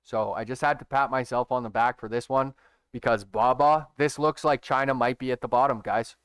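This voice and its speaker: A man's voice: medium pitch, steady tone, a little fast, fairly bright tone, clear, resonant tone, dry recording, clean studio sound. A man giving a casual screen-share trading tutorial, emphatic and profane, who keeps checking in with his viewers. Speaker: stock trading educator.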